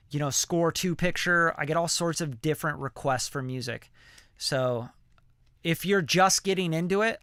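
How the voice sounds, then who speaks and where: A man with a bright, crisp, fairly high voice answers viewer questions in a loose, slangy way. He drops fillers and the odd swear word as he talks. The sound is dry and close, with almost no room around it. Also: dry recording. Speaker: music producer mentoring viewers. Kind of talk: casual livestream Q&A.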